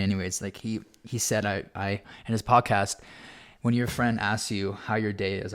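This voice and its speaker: A young man from Arizona talks through a casual podcast chat, his voice sitting a little low. He is laid-back and loose, scattering filler words as he goes. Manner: laid-back, heavy on "like" and "bro". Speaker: podcast host.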